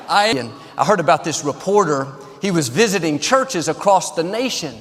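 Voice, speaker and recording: A man, a pastor opening his sermon with lighthearted jokes, told with upbeat timing and pauses. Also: on the high side, expressive, fairly bright tone, a little hiss or hum. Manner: upbeat joke-telling with pauses. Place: large church auditorium. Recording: live hall with long reverb.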